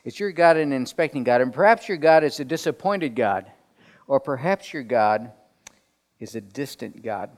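A man leading a group Bible study in a conversational sermon style, asking questions and swinging from soft to emphatic. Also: mid-range voice, animated, moderate pace. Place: room with people around tables. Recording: long hall reverb.

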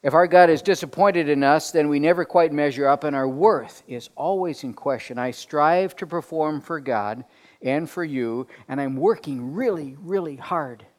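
A man delivering a sermon as pastor, telling stories with lively put-on voices and dropping to quiet asides. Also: a little high, normal speed. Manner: animated storytelling, drops to quiet asides. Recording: long reverb of a large hall.

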